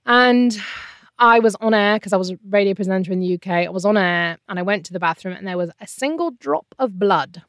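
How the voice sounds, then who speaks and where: A woman's voice: medium pitch, fairly quick, fairly bright tone, no room sound. Middle-aged woman, interview guest, candid and emotional storytelling, close and dry sound. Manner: emotional, candid, often trailing off. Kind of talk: personal storytelling in conversation.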